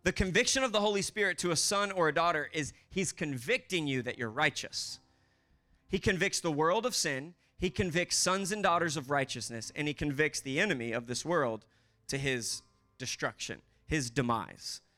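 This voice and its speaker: A man's voice: on the high side, animated, normal speed, sharp tone. A man preaching a sermon as pastor to a church congregation, emphatic, acting out prayers in the first person.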